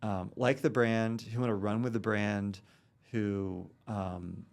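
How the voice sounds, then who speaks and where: A man's voice: lowish voice, flat delivery, takes it slowly, gravelly. A man around forty, a podcast guest talking casually with lots of fillers and restarts. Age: about 40. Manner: rambling, many fillers and restarts. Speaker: guest, real estate broker.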